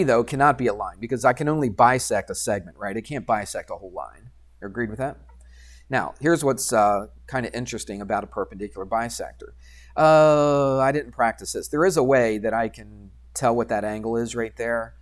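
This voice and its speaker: A man teaching a geometry lesson to his class in a chatty, self-deprecating way, often asking the students questions. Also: medium pitch. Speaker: math teacher. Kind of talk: classroom lecture at a computer.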